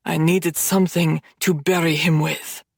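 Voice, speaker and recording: Casting: woman doing a low, growling menacing man in an audiobook, slow deliberate delivery. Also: little pitch movement, dry recording, clean studio sound, full character voice. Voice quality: growling, rasping.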